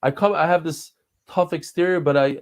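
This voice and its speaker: A man in his forties from New York and Israel, his voice on the high side and steady at a moderate pace, is a podcast guest heard through dull audio. In casual conversation, he tells stories in a rambling, heartfelt way, often restarting his sentences.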